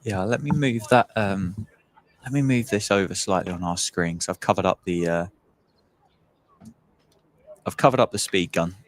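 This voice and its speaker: A man calling live cricket play-by-play in a measured, agreeable way. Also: deep voice, slight background noise. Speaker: cricket commentator. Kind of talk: live sports commentary.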